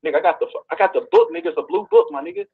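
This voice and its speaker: A man's voice: sits high, rapid-fire, narrow, tinny audio, a little hiss or hum. A man calling in to a show, talking brash and boastful in casual slang. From US West Coast. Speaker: caller. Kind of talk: casual call-in banter.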